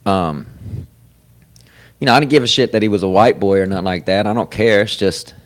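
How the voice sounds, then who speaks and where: Male podcast host, low-pitched, loose profane rambling talk. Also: brisk. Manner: profane, rambling, swings loud with sudden laughs. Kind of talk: casual chat. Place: comedy club.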